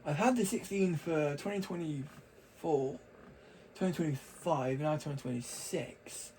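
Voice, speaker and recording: A man's voice: a little high, unhurried, warm tone, slight background noise, poor audio. A young man talking casually to camera, rambling and chatty with frequent restarts. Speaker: vlogger.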